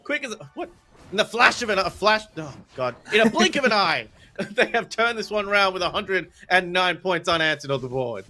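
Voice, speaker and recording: A man doing excitable play-by-play commentary for an esports match, calling the action quickly with big swings in his voice. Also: a little hiss or hum. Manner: fast excitable calls with pitch swings.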